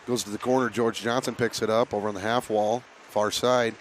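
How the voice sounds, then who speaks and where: A man with a raspy voice calling a youth hockey game play by play, casual, with filler words and frequent throat clearing. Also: fairly low pitch, level tone, brisk, a little hiss or hum. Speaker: play-by-play announcer. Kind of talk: amateur hockey commentary.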